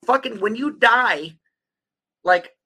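A man's voice: very high voice, expressive, slow pace, bright, forceful tone, rough recording. A man in his thirties hosting a podcast, rambling in casual chat with heavy swearing. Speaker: podcast host.

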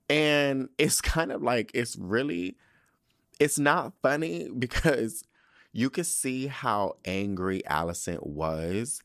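A man hosting a podcast, recapping a TV episode in an animated, profane, sassy storytelling way. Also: medium pitch, a little slow, no room sound, studio quality. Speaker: podcast host.

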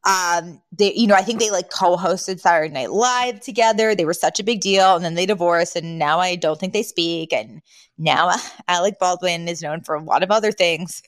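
A woman hosting a podcast, recapping a TV episode in casual chat, animated and laughing often as she acts out quotes. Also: lowish voice, normal speed, dry recording. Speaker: podcast host.

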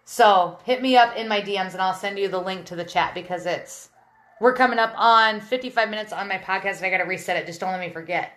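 A woman's voice: mid-range voice, fast, a bit bright, echoey room. A woman from Western Pennsylvania hosting a podcast stream, chatting casually, laughing often and greeting viewers by name. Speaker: podcast host. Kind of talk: casual live-stream chat reading comments.

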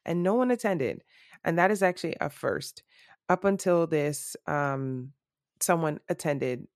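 A woman with a low, slightly rough morning voice hosts a solo podcast, speaking candidly and reflectively with frequent ums and restarts. The sound is close and dry, with no room around it. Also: no echo. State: voice a bit rough from early morning. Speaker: podcast host. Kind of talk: casual solo podcast monologue.

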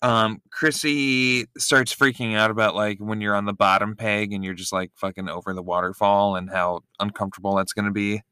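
A man's voice: on the low side, flat delivery, normal speed, hardly any pauses, bright, forceful tone, smooth, no echo. A man co-hosting a podcast, recapping a reality show in joking, self-deprecating casual chat. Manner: joking, self-deprecating, talks over partner. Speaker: podcast co-host.

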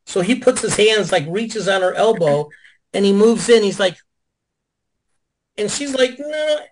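A man with a slightly raised voice tells stories to a video call audience. He is animated and profane, and he jumps into other people's lines to act them out. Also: sits high, a little slow, a little hiss or hum, low-quality recording. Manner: animated, profane, acts out quotes. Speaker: guest. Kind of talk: casual storytelling on a video call.

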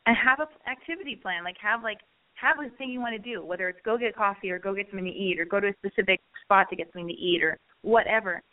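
A woman hosting a radio advice segment, talking in a blunt, animated way and swearing as she gives a caller a pep talk. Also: mid-range voice, fast. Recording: phone-like narrow band.

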